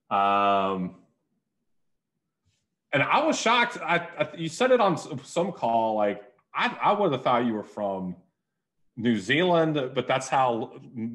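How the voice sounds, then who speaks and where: A man's voice: on the low side, sing-song, unhurried, fairly bright tone. A man hosting a podcast, casual and self-deprecating, with hesitant fillers. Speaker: podcast host. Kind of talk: casual interview chat.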